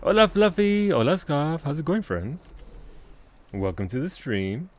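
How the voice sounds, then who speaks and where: A man streaming a video game live, commenting on the action and replying to chat in an excitable way, swearing and laughing often. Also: a little high, a little slow.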